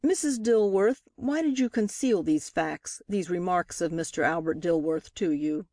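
A woman reading the part of a sharp, relentless male courtroom lawyer, with a pointed, cross-examining delivery. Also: lowish voice, moderate pace, dry recording, studio quality. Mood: sharp, pressing. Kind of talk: audiobook character reading.

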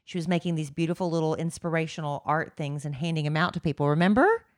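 Low-voiced woman podcast co-host. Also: fast talker. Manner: reacts with gasps and teasing questions. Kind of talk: casual chat.

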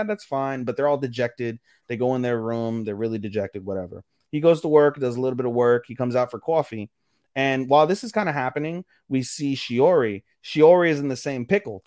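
A man's voice: medium pitch, darkish tone, no echo. Brief: male podcast co-host, loose profane recap style, mid-range voice, close dry mic. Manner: loose and profane, acts out characters' lines in quick voices. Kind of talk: casual anime recap chat.

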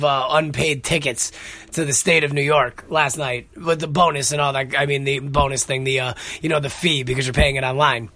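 Excitable, profane podcast host, man. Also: a little high, no room sound. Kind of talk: casual monologue.

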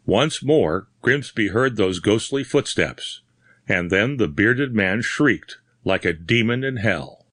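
A man narrating a horror story in a measured, dramatic reading. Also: on the low side, animated, a bit bright, dry recording, clean studio sound. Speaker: audiobook narrator. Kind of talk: scripted narration.

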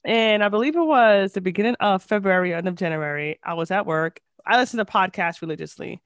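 A woman's voice: mid-range voice, fairly quick, dry recording. A woman with a nasal voice co-hosting a casual podcast, chatty and storytelling, recorded over a headset on a video call. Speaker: podcast co-host.

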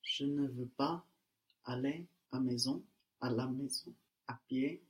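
A man's voice: medium pitch, a little slow, recorded from a distance. A man taking part as a student in a language lesson, tentatively repeating phrases after the teacher.

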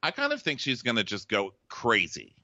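A man co-hosting a casual TV recap, joking and animated. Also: medium pitch, normal speed, no echo, dull audio.

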